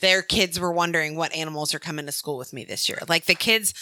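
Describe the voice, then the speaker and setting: A woman who is a schoolteacher, chatting on a podcast in an animated, storytelling way. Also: low voice, fast, dry recording. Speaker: teacher and podcast co-host. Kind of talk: casual chat.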